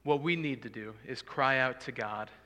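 A man delivers a sermon with earnest, pleading conviction, his voice bright and forceful. He swells to loud cries for emphasis. The sound carries a long reverb, as in a big hall. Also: medium pitch, normal speed. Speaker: preacher.

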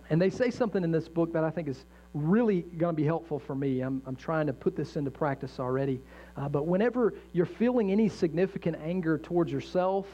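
A young adult male pastor delivers a sermon in a conversational, emphatic way, often catching and restarting his phrases. His voice sits fairly high yet sounds mellow. The recording is dull and lo-fi, with a faint mains hum underneath. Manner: conversational, self-correcting, emphatic preaching.

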